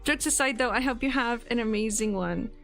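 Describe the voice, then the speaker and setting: A woman in her 20s, casually streaming, works through birthday messages with frequent laughter, giggles and moments of emotion. She talks fairly quickly in a fairly high, fairly bright voice, with faint music behind.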